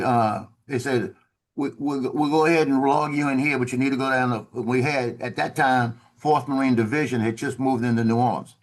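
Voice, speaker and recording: Speaking in a mid-range voice on a video call, a former Marine recounts a story in a relaxed, conversational manner. He becomes animated when quoting officers, imitating their voices.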